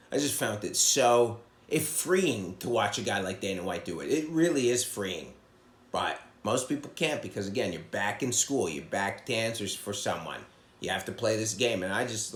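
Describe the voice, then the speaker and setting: A man who is a comedian hosting his own podcast, ranting bluntly and profanely, jumping from loud outbursts to low mutters. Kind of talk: casual monologue rant. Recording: echoey room sound.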